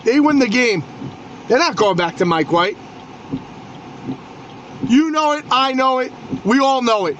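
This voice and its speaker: A man's voice: extremely high pitch, animated, a little slow, long pauses, a bit bright, dull audio. A man from New hosting a solo sports podcast, ranting with heavy profanity and stammered restarts. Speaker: podcast host. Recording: noisy background ambience.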